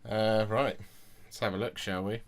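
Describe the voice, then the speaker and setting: A man's voice: on the low side, steady tone, moderate pace. A man hosting a casual livestream while building models, chatty and self-deprecating as he greets viewers. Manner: chatty, self-deprecating, reads chat aloud.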